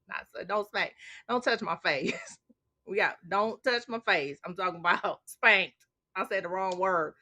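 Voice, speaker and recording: Female host for loose after-dark live chat; bright, lively delivery straight to the viewers. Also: mid-range voice, measured pace. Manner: chatty, laughs often, talks straight to viewers. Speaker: livestream host. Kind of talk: casual late-night live chat.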